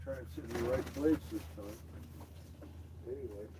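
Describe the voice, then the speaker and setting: A dog owner films his pets and chats playfully with them, laughing, swearing and sliding into baby talk. His voice is mid-range at a moderate pace, and there's loud background noise.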